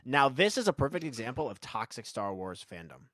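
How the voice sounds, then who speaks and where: A man's voice: mid-range voice, big pitch swings, a little fast, a bit bright, no echo, clean studio sound. A man co-hosting a podcast in casual chat, reading comments aloud in a joking, sarcastic way and laughing often. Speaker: podcast co-host.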